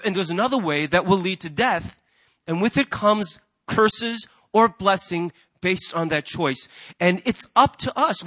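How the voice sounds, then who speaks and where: A male pastor preaching a sermon, telling a story with lively acted-out voices. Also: high voice. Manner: animated storyteller, acts out the people in his anecdotes.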